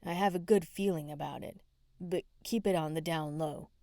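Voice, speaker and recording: A woman's voice: deep voice, normal speed, vocal fry, warm tone, dry recording, studio quality. Woman reading an easygoing young policeman. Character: friendly young male police officer.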